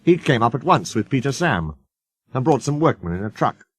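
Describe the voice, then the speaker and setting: A man's voice: mid-range voice, slightly rough, dry recording. A man reading a children's storybook aloud as narrator, doing the characters' voices. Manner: slow, lively intonation.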